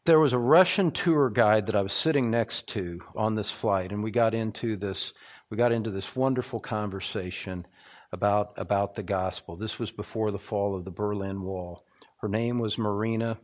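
A man's voice: fairly low pitch, moderate pace. A middle-aged man preaching a sermon as pastor, earnest and building to fervent, repetitive emphasis.

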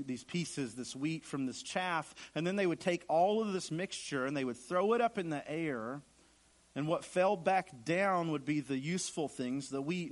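A man preaching a sermon in an earnest way, repeating phrases for emphasis and acting out the lines he quotes. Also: a little high. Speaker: pastor.

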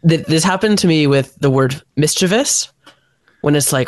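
A man co-hosting a podcast in casual chat, chatty and quick to laugh, trailing off with fillers. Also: a little high, no echo, clean studio sound. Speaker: podcast co-host.

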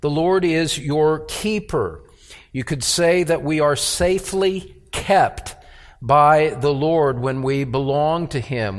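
A man preaching a sermon at a very unhurried pace, his voice sitting a bit higher than most men's. He leans on key words and repeats them for emphasis. The sound rings with the long reverb of a church hall. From United States. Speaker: pastor. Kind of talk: expository sermon.

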